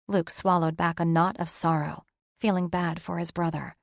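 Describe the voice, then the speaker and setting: Gravelly low woman narrating a novel. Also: little pitch movement, moderate pace, no echo, clean studio sound. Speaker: audiobook narrator. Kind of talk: scripted narration.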